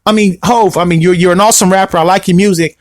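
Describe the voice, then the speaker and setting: A man's voice: high voice, steady tone, quick pace, no echo, clean studio sound. Rambling man hosting a podcast. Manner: rambling, repeats phrases, asks "you see what I mean?". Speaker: podcast host. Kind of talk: casual solo podcast talk.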